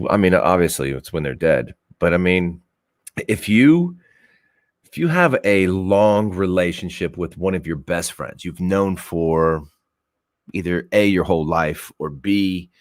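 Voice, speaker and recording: A man's voice: low-pitched, dry recording. A man hosting a casual livestream on a headset mic, rambling loosely, laughing often and swearing casually. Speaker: livestream host.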